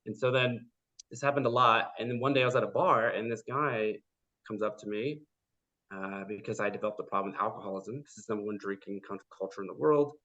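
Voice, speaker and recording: A man telling his story as a podcast guest, lively and full of "like" fillers, acting out the people he quotes. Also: fairly low pitch, quick pace. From United States. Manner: animated, acts out quoted people, many "like" fillers. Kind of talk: casual storytelling interview. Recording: dull lo-fi podcast audio.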